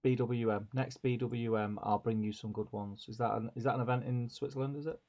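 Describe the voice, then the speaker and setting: A man's voice: medium pitch, fairly even intonation, brisk, a little mellow. Chatty man reading stream comments. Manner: laughing, chatty, reads comments aloud. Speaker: co-host reading viewer comments. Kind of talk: casual live-stream chat. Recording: dull lo-fi stream audio.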